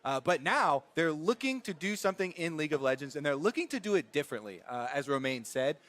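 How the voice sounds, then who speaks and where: A man analysing a live esports match in a measured, thoughtful way with frequent hesitations. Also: on the high side, sing-song, a bit bright.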